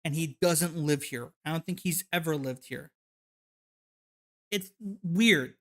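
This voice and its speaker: A man hosting a livestream, reacting to videos with rapid, profane, exasperated commentary. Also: high voice, a bit bright.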